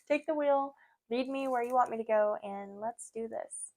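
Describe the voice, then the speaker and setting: A woman's voice: on the high side, fairly quick, creaky, darkish tone. A woman hosting a podcast, sharing her faith in an earnest, emotional, chatty way with lots of fillers. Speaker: podcast host. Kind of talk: casual faith talk.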